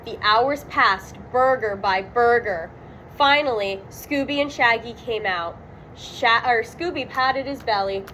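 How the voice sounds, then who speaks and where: A woman narrates a children's storybook aloud in a high, bright register. She takes her time over every line. She gives the sound words real dramatic weight. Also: slow pace, a little hiss or hum, poor audio. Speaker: storybook reader.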